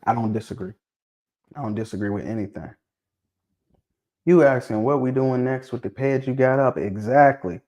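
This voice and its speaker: A mid-pitched man speaks in on a casual livestream. He is lively and keeps pressing his audience with repeated questions. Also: moderate pace, pauses often. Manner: animated, prodding viewers with questions, repeats himself. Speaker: livestream host discussing dog pedigrees.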